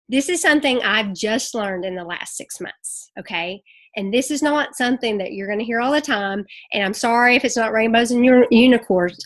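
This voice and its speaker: A woman's voice: a little high, a bit bright. A woman giving emotional, chatty, scattered motivational tips as a network marketing ambassador on a group call.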